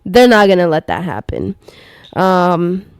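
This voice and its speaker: A woman's voice: fairly low pitch, sing-song, measured pace, smooth, no room sound. A young woman co-hosting a sports podcast, talking casually in loose slang with lots of fillers. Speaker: podcast co-host.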